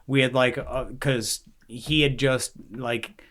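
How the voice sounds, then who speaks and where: A man's voice: medium pitch, fairly even intonation, takes it slowly, fairly bright tone. Blunt, profane man, thirties, podcast co-host telling his story. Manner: blunt, heavy swearing, emotional. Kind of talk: casual chat.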